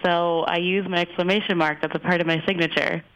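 A woman's voice: lowish voice, fairly even intonation, brisk, fairly bright tone, smooth, low-quality recording. A woman chatting as a listener guest on a radio show, easygoing with hesitant fillers. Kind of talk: casual interview.

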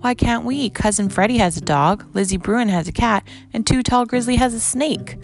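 A woman's voice: on the high side, moderate pace, soft background music, voice pushed up, natural voice. A woman voicing an eager, insistent boy bear cub in a storybook reading.

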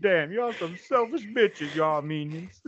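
A man's voice: sits high, animated, lo-fi sound, a crowd in the background, pitched above the performer's own voice. A man voicing his foul-mouthed, impatient male poodle in a comic podcast bit, demanding and drawn out. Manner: demanding, cursing, drawn-out slow phrasing.

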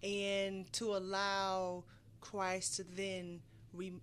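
A middle-aged woman, a guest on a casual podcast, musing earnestly and slowing down to reflect. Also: medium pitch, monotone, slight background noise. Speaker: guest, the host's mother. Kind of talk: casual round-table chat.

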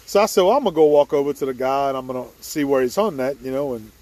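Laughing hunter telling a story. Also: male voice, mid-range voice, expressive, rapid-fire, darkish tone. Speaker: hunting video host. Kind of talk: casual storytelling. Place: outdoors at a boat launch before dawn.

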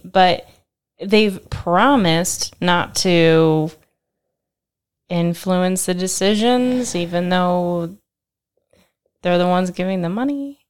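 A woman co-hosting a podcast in casual chat, giggly and halting as she asks questions. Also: lowish voice, clear, resonant tone. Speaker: podcast producer and co-host.

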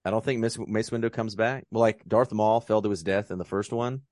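A man with a fairly low voice recaps a film for a podcast, talking loosely and swearing freely. He jokes along the way and sounds close and dry on the mic. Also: steady tone, fairly quick, darkish tone, no room sound. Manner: profane, joking, breaks into mock voices. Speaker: podcast co-host. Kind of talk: casual movie recap chat.

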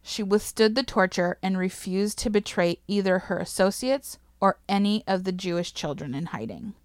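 A woman's voice: medium pitch, normal speed, no echo, clean studio sound. A woman casually telling a history story to a co-host, swearing freely, laughing and getting emotional.

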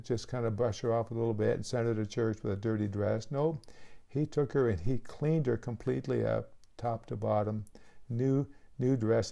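Man, pastor preaching, gravelly, mellow, earnest pleading, restarts often. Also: mid-range voice. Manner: earnest, pleading altar call with frequent restarts. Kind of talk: sermon.

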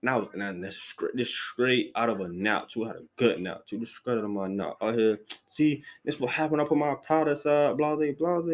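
A man's voice: mid-range voice, brisk. A man hosting a podcast, ranting casually about what he hates, rambling and repeating himself with blunt, profane slang. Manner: restarts sentences often, with lots of "like" fillers. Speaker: podcast host. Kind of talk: casual solo rant.

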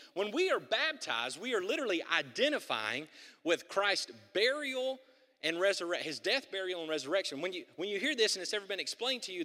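Male pastor, high bright tone, earnest sermon with rising repetition, long church reverb. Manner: earnest, building to emphatic repetition. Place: church sanctuary.

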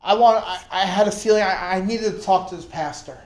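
A man preaching a sermon, telling his own story in an animated way and acting out the voices he quotes. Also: high-pitched, brisk, roomy sound. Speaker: preacher giving testimony. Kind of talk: sermon testimony.

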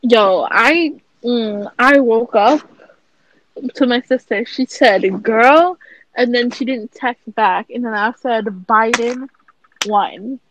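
A woman's voice: on the high side, slow pace, fairly bright tone, low-quality recording. Slangy emphatic woman co-host. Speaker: podcast co-host. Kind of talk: casual chat.

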